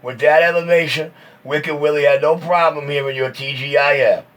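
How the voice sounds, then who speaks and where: A man's voice: fairly high pitch, fairly even intonation, moderate pace, very noisy. A man on CB radio, bantering in a boastful, teasing way. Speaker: CB radio operator. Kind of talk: CB radio chatter.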